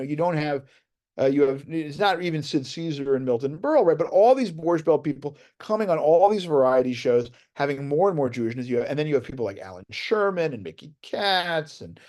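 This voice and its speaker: A man delivering a university lecture with an expressive, swooping voice pitched a little high. He talks like he's telling a story, tossing in fillers and "right?" checks as he goes. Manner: animated storytelling with many fillers and "right?" tags. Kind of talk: academic lecture. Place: lecture hall.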